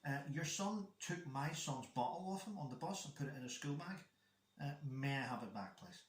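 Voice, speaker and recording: A man's voice: medium pitch, lively intonation, moderate pace. A man chatting casually as a guest, telling a rambling story about his son and acting out the dialogue. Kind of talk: casual chat. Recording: echoey room.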